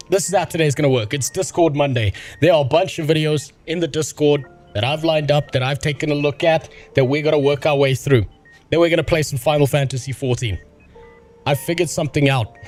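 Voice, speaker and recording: Speaking briskly with soft music behind him, this South African streamer has a fairly high voice. Sick and on medication, he hosts his livestream chat casually, excitable and profane, swearing as he rambles on.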